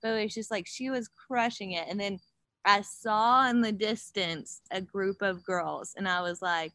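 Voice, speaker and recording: A woman chatting casually as a podcast guest, an animated storyteller who acts out quotes, with many fillers. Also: medium pitch, measured pace, no room sound. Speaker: guest, gravel bike racer.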